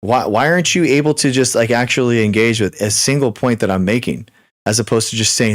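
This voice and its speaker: A young man hosting a live stream, answering chat questions in a rapid, repetitive, exasperated way with many restarts. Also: mid-range voice, no echo, studio quality. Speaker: livestream host. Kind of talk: live Q and A chat reading viewer comments.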